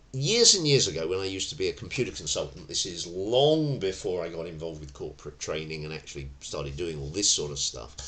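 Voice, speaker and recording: A middle-aged male tai chi instructor who tells his lessons as stories. His pitch swings widely, and he sits fairly low in his range. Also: a little hiss or hum. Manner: animated storyteller who acts out voices. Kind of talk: teaching talk with anecdotes.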